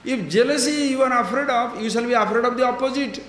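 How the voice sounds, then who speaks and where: A man's voice: very high-pitched, fast talker, fairly bright tone, reverberant. A male spiritual teacher giving a discourse, explaining Sanskrit terms and questioning his listeners.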